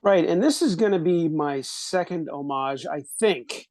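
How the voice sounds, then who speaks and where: A man's voice: fairly high pitch, animated, measured pace, a little mellow, no echo. A man co-hosting a podcast, laughing easily and drifting into digressive asides. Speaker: podcast co-host. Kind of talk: casual recap chat.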